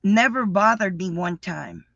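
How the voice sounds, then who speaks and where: A woman in her fifties hosting a casual live chat, talking excitedly and repeating herself. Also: mid-range voice, a little slow, dry recording, lo-fi sound. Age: 50s. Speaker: livestream host. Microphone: livestream setup.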